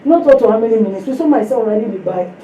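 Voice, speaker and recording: A woman preaching a sermon to a women's fellowship, telling a personal testimony in an animated way and acting out the voices of the people in it. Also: on the high side, racing, dull audio, a little hiss or hum. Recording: echoey room, distant mic.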